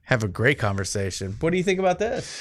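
Brief: male podcast host, reads odd headlines, quick deadpan jokes. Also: mid-range voice. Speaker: podcast host reading news items. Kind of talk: comedic news banter.

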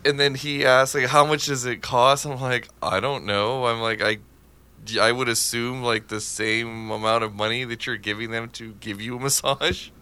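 A man's voice: mid-range voice, fairly even intonation, moderate pace, bright, forceful tone. A man hosting a casual podcast chat, rambling and laughing often. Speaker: podcast host.

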